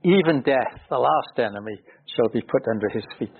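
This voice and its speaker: A man's voice: mid-range voice, lively intonation, fairly quick, breathy edge. A man teaching from the Bible in an earnest, explanatory way, pressing hard on key words. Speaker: preacher. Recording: thin phone-like radio broadcast.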